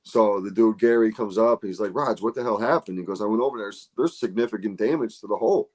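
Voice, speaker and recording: A golf podcast host with a voice on the low side talks fast. He tells stories animatedly in casual chat, swearing freely as he goes.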